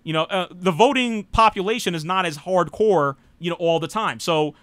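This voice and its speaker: A high-pitched American man hosting a live political talk show. His voice is bright and forward, recorded dry and close. He rambles casually, with many "you know"s and blunt asides. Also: normal speed, no room sound. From United States. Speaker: host.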